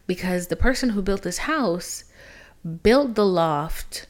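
Young woman, podcast host, casual dramatic storyteller, drops swear words, swings from loud to whispered asides. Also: mid-range voice, animated, measured pace. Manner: swears freely.

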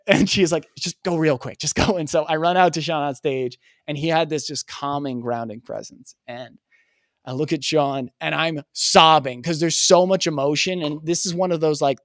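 A man guesting on a podcast, telling a personal story in an earnest, animated way and acting out the dialogue. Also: fairly high pitch, dry recording, studio quality. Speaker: podcast guest, communication coach.

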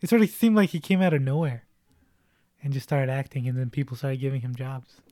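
A man's voice: mid-range voice, expressive, fairly quick, mellow, dry recording. A man chatting casually about a movie, laughing often and retelling scenes.

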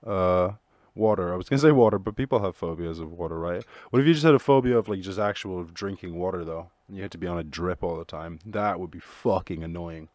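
A man talks alone into the mic in a deep voice, musing in a loose, jokey way and swearing freely as he goes. The sound is close and dry, with no room around it. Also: fast, a little mellow, no room sound. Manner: rambling, profane, jokey. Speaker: podcast host. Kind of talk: solo casual monologue.

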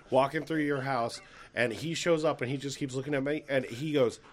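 A man's voice: medium pitch, steady tone, moderate pace. A man, a podcast co-host, sharing stories about a family member in casual chat, laid-back and swearing often.

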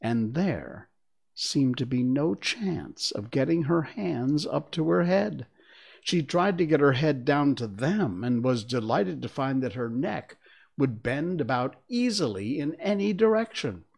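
A reader narrating a children's storybook in an expressive, lively way. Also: medium pitch, measured pace, creaky. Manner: expressive, slipped once on a word.

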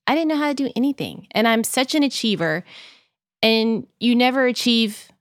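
A woman's voice: on the high side, lively intonation, normal speed, dry recording. Earnest chatty woman, dry close sound. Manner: earnest, candid, chatty with frequent "like". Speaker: podcast guest. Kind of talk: reflective casual conversation.

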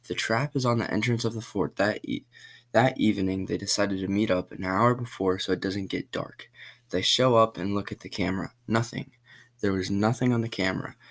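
A man reading a short spooky story aloud in a plain, unhurried way. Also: fairly low pitch, steady tone, creaky.

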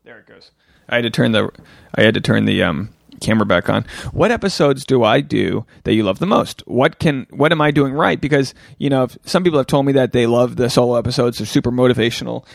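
A man hosting a solo podcast, rambling candidly and swearing freely as he thinks out loud, often restarting his sentences. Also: medium pitch, brisk, gravelly, no room sound, clean studio sound. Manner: self-reflective, often restarts thoughts. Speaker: podcast host.

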